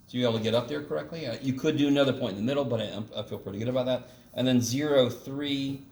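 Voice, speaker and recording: Talking fast in a medium-pitched voice with a darkish tone, a man gives a casual, joking math lecture in a classroom, swearing now and then as he works problems. He's recorded from a distance in an echoey classroom with faint room noise.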